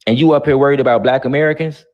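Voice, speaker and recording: A man's voice: mid-range voice, steady tone, rapid-fire, highs cut off. A man hosting a live online talk show, brash and profane, mocking his callers. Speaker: host.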